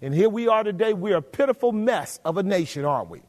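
A man's voice: high voice, expressive, fast, darkish tone. A man preaching a sermon, emphatic, often asking the congregation rhetorical questions. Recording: long hall reverb.

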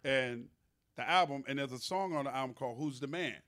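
A man hosting a podcast, telling studio stories in a loose, animated, profane way. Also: medium pitch, brisk. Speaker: podcast host. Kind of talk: casual storytelling chat.

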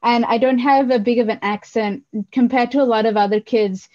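A woman from Australia, a guest talking casually on a podcast in an animated, giggly way that is full of "like". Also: fairly high pitch, fairly quick. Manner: animated and giggly, heavy use of "like". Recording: dull lo-fi recording.

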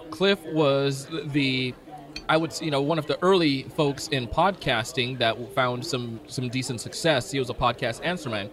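A man speaking as a guest in casual conversation, quick and loose with fillers. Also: mid-range voice, a bit bright.

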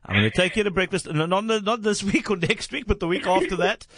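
Casting: South African male radio host, slightly high voice, dry close mic, emotional farewell chat. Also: fast talker, no echo. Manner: emotional, warm thanks, laughing. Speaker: radio talk show host. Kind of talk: casual on-air chat with callers.

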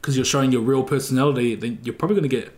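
A man's voice: medium pitch, very fast, a little mellow. A young man with a New Zealand accent from West Auckland, chatting as a podcast guest in a laid-back, rambling way with lots of "like". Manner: laid-back, rambling, heavy use of filler "like". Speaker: guest streamer. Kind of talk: casual podcast chat.

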